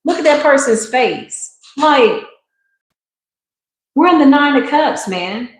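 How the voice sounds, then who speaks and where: A woman giving a live tarot reading, talking to viewers in an animated, emphatic way. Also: high voice, takes it slowly. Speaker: tarot reader. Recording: roomy echo.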